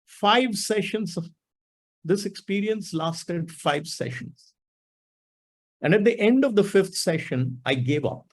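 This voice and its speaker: A middle-aged man in a webinar talk recounts a coaching story reflectively, acting out the dialogue of the people involved. His voice is high with lively intonation and a slow pace, and the recording is rough.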